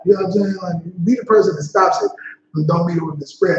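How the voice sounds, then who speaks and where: A man's voice: high-pitched, steady tone, fast, a little mellow, slight background noise. A man leading a Bible study in a laid-back, slangy way, often saying "you know what I'm saying.". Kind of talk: casual scripture teaching. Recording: dull echoey livestream audio.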